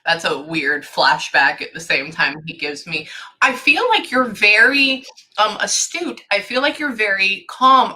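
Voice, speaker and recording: A woman's voice: mid-range voice, pushed and bright. A woman giving a psychic reading to a client, thinking aloud and stopping herself with "hang on" over and over. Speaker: psychic medium.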